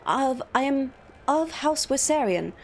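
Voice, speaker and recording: A woman's voice: sits high, lively intonation, unhurried, voice pushed up. A woman voicing a polite, composed young noblewoman chancellor in a raised voice.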